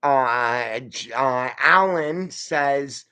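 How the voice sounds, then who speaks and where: Drawing out his words, this medium-pitched man sounds bright and forceful, with a clear, resonant tone. He runs a casual live stream, reading and answering viewer comments in a rambling, folksy way and addressing them as "friend" and "y'all."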